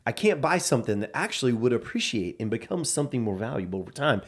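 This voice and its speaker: A man's voice: medium pitch, very animated, fast, husky. A man telling a personal story in casual chat, acting out the dialogue he quotes.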